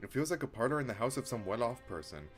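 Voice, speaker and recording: A man streaming a visual novel, reading the game text aloud and breaking into excited, chatty reactions. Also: medium pitch, fast. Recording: loud game music behind the voice. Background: loud game soundtrack.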